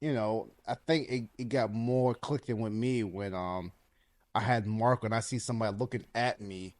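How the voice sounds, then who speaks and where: A man in his thirties co-hosting a podcast, talking casually and earnestly, getting animated as he tells stories. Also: lowish voice, normal speed, dry recording. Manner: earnest, animated storytelling with rising emphasis. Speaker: podcast co-host. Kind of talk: casual chat.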